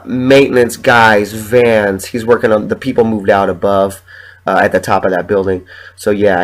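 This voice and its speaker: A man's voice: on the low side, level tone, moderate pace, rough recording. A sick man hosting a podcast, ranting in heated, profanity-laden stories and coughing from a sore chest. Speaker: podcast host. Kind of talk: casual ranting monologue.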